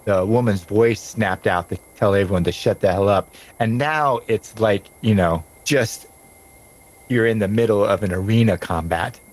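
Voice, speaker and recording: A man narrating as game master of a tabletop game, rambling with frequent pauses and restarts. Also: fairly low pitch, poor audio.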